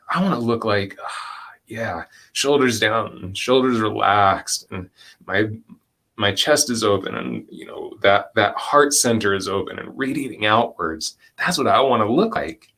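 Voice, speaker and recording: Gentle, reflective man leading a workshop. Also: mid-range voice, expressive. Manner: gentle, reflective, with slow deliberate stretches and soft laughs. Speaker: presenter and educator. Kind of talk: live online workshop, reading chat comments.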